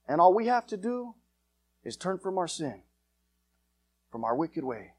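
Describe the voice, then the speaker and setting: A man preaching an evangelistic sermon, confrontational and fiery, swinging between loud urgent lines and hushed ones. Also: high-pitched, very animated, measured pace, long pauses, breathy edge.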